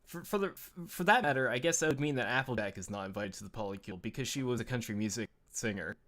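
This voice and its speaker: A man's voice: medium pitch, animated, fast talker, fairly bright tone. A man from New England chatting casually on a fan show, hesitant and rambling while giving frank opinions. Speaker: co-host of a fan talk show. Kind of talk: casual chat.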